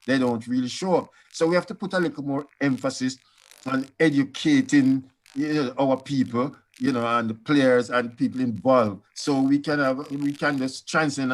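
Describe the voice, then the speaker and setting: An older man with a Jamaican accent, a panelist telling stories in a lively, conversational way and acting out the people he quotes. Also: medium pitch. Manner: animated, acts out quoted voices. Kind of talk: storytelling panel talk.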